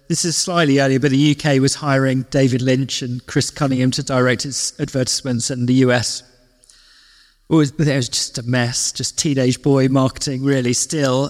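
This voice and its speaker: Man host asking measured questions. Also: mid-range voice, in a large hall. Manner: measured, asks long framing questions. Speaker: podcast host. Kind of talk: interview questions.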